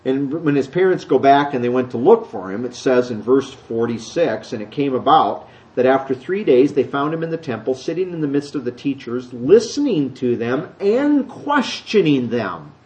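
A man's voice: medium pitch, normal speed, hardly any pauses. A middle-aged man preaching a conversational sermon in church. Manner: conversational, animated, acts out children's voices. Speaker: pastor. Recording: dull lo-fi church recording.

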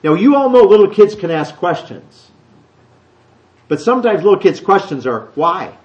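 Chatty pastor, lo-fi recording. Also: male voice, high-pitched, moderate pace. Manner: conversational, animated, acts out children's voices. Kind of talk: sermon. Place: church. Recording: dull lo-fi church recording.

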